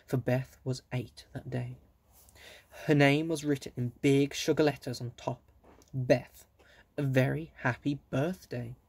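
A man reading a children's book aloud, gently, with small asides to his listeners. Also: mid-range voice, husky, no room sound. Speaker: reader.

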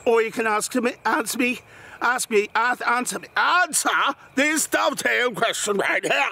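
A man's voice: very high voice, normal speed, gravelly, bright, forceful tone. A man telling a long comic joke story, rambling and correcting himself with tangents. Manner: rambling, self-correcting, tangents and put-on accents.

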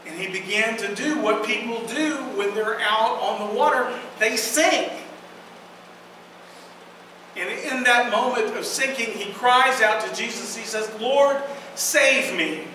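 Woman pastor, high-pitched and unhurried, earnest sermon delivery; distant, very echoey church recording with background noise. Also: bright, forceful tone. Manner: earnest, emphatic preaching with slow, dramatic pauses. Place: church sanctuary. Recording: echoey hall from far off, noisy.

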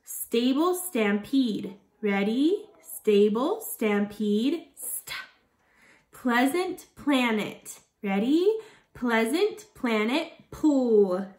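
A woman teacher leading a phonics lesson for children, sounding out words slowly and encouraging her viewers. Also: fairly high pitch, expressive, darkish tone. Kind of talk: early reading lesson for children. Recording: echoey room.

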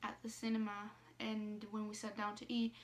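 A woman from Sweden with a Swedish accent, telling a story to her phone camera in a halting way, full of ums and likes. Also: mid-range voice, completely flat delivery. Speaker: vlogger.

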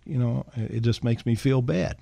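A man's voice: mid-range voice, fairly even intonation, normal speed, vocal fry, dark tone, dry recording. An older man, a songwriter, telling a rambling anecdote on a radio show in an easygoing way, full of fillers and "man". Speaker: songwriter and guest. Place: radio studio.

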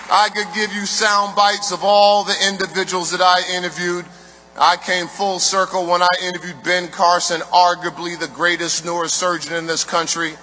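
A man's voice: high-pitched, pushed and bright, a little hiss or hum. A man giving a live motivational speech in rhythmic, emphatic oratory, building on a repeated refrain. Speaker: motivational speaker. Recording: reverberant hall, faint music.

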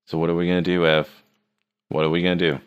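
A man's voice: deep voice, little pitch movement, quick pace, clear, resonant tone, muffled recording. A man teaching a 3D rendering class in a casual screen-recorded tutorial, joking and teasing his students as he works. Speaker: 3D art teacher.

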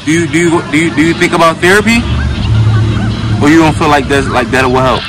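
A man's voice: fairly high pitch, a little fast, crowd noise. Earnest man on a noisy street. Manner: earnest, repeats himself, emotional and caring. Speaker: street vlogger interviewing people. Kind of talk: casual street interview. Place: outdoors on a city street. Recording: street traffic noise outdoors.

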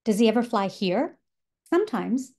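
A woman reading aloud a mother's replies to her child, in a gentle, plain delivery. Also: a little high, sing-song, moderate pace. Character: mother calmly answering her young child. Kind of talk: reading fiction aloud in a workshop.

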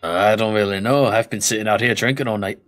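A man's voice: lowish voice, fast, a bit bright, faint music behind, close to an everyday voice. A man voicing a lanky, laid-back male half-dwarf stable hand who chats easily. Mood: chatty. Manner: laid-back, drawling, chatty.

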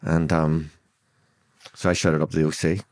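Older Belfast man, deep and gravel-free, dry close recording, vivid blunt storyteller who voices each speaker. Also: level tone, moderate pace, darkish tone, dry recording. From Northern Ireland. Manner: vivid retelling that acts out quoted dialogue; blunt, swears freely. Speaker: guest. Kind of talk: storytelling interview.

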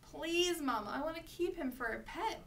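A woman reading aloud voices an eager young boy who pleads earnestly and gently. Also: high-pitched, lively intonation, normal speed, recorded from a distance, voice pushed up. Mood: pleading.

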